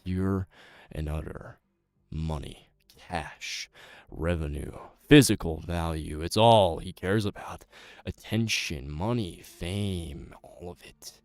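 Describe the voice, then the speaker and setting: A man voicing a bitter male villain, delivering a slow theatrical monologue with heavy pauses. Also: deep voice, no room sound. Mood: scornful. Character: bitter male villain denouncing a false hero.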